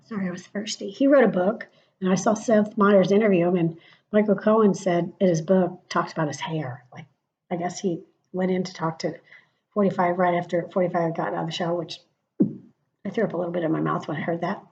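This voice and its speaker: A woman's voice: fairly low pitch, steady tone, a little fast, vocal fry, darkish tone. A middle-aged woman ranting on her vlog in a chatty, profane way, often dropping into muttered asides. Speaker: vlogger. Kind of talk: casual political rant. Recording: dull lo-fi sound.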